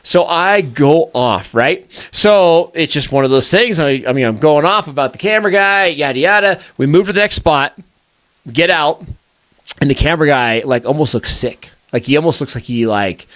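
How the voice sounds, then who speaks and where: A middle-aged man hosts a podcast and tells a long story in a relaxed, chatty way. His voice sits a little high, and he jumps up sharply in pitch when he acts out what people said. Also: moderate pace. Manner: animated, acts out quotes with big pitch jumps. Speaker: podcast host. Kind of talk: casual storytelling.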